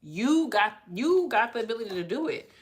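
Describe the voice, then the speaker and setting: A woman's voice: fairly high pitch, sing-song, moderate pace. A woman hosting a casual pick-a-card tarot reading, talking in a chatty, effusive, slangy way to her viewers.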